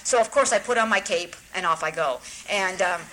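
A woman's voice: on the low side, fairly quick, pushed and bright, soft background music, poor audio. A woman telling her own story at a recovery talk, wry and self-mocking, often restarting her sentences.

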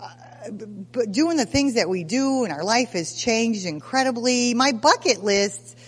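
A woman in her sixties telling stories at a recovery meeting, lively and self-mocking, acting out scenes as she goes. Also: on the high side, measured pace, breathy edge, long reverb tail. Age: 60s. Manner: animated, self-mocking storyteller who acts out scenes. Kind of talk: personal testimony at a recovery meeting.

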